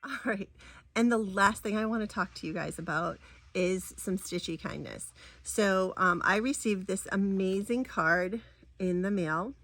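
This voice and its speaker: In a dry recording, a middle-aged woman with a medium-pitched, fairly bright voice talks a little slowly through a cross-stitch vlog. She rambles and gushes about crafts in casual show-and-tell style, with many ums and restarts.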